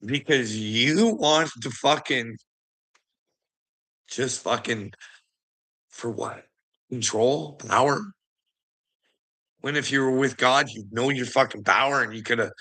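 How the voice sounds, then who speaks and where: Male commentator, bright tone, mocking and profane, frequent laughter. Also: medium pitch, measured pace, pauses often. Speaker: online commentator. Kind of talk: casual rant.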